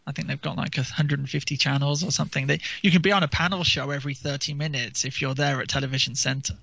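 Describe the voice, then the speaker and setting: A man's voice: fairly high pitch, creaky, sharp tone, no echo. A man co-hosting a casual talk show, rambling and mocking, sometimes mimicking people's voices. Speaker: podcast co-host. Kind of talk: casual chat. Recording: dull lo-fi dry sound.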